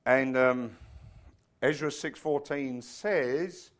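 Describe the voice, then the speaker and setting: Fervent preacher, a man with a raised pitch. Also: big pitch swings, normal speed. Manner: fervent, rising to shouts. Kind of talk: sermon.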